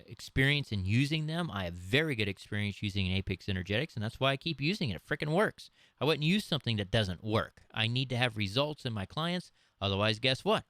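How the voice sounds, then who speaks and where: A man giving an unscripted health webcast, talking emphatically and preachily, his voice jumping higher when he drives a point home. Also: fairly bright tone, no echo, studio quality. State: dry throat. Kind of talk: unscripted webcast talk to camera.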